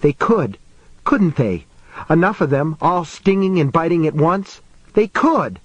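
A man reading an audiobook voices a terrified woman trapped in a truck, pushing his voice high and frantic. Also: lively intonation, slow, dry recording, dull audio. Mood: frantic, panicked. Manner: frantic, pleading, high-pitched. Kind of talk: audiobook narration.

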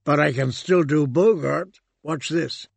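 Talkative ex-ape mimic read by a man, eager, rambling, a touch high. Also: a little slow, gravelly, husky, dry recording, heavily acted.

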